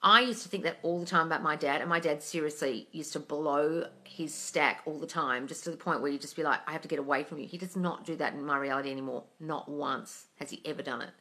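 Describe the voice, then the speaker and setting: Bright, blunt, sweary woman hosting a live Q&A. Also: low-pitched, quick pace, few pauses. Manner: blunt and sweary, calls viewers darling. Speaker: manifesting coach and livestream host. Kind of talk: casual live Q&A, reading out viewer comments.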